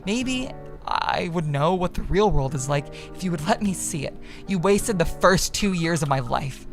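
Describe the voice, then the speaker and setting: An exasperated young college woman from a visual novel, read aloud by a woman. She pushes back defensively in a lowish voice. Faint game music plays under her. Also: lively intonation, normal speed. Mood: frustrated.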